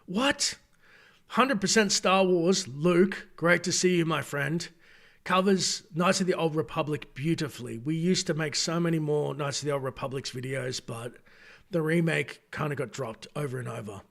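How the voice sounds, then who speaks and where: A man's voice: on the high side, normal speed, creaky, fairly bright tone. A man hosting a late-night gaming live stream, talking to chat in a rambling, chatty way and correcting himself as he goes, tired at this hour. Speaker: gaming channel host.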